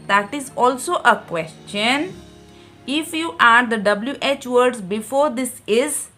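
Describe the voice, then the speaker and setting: Woman teacher for a grammar lesson, slightly high, unhurried, patient and repetitive. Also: pushed and bright. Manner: patient, repeats each point, addresses viewers as dear friends. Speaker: English teacher.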